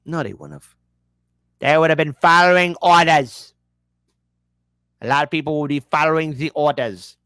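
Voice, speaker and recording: A man's voice: on the high side, fairly even intonation, normal speed, long pauses, bright, forceful tone. A man hosting an online commentary show, talking casually with a sarcastic, mocking manner. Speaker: political commentary host.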